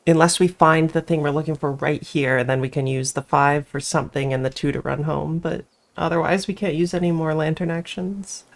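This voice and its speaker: A woman's voice: on the low side, gravelly. A woman reading a visual novel aloud, narrating the text and casually reacting as she thinks through her choices. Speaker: game player and reader.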